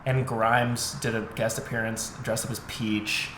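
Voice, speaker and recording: A man's voice: mid-range voice, flat delivery, measured pace. Rambling young man, casual chat, echoey room. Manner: rambling, heavy filler words, swears casually. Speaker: podcast co-host. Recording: echoey room with faint noise.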